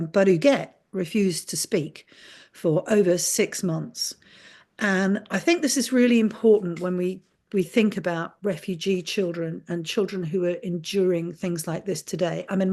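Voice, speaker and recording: Earnest woman author explaining. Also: on the low side. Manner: earnest, animated explaining with frequent "uh" and "you know". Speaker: author and journalist guest. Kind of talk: book discussion over video call. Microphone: video call.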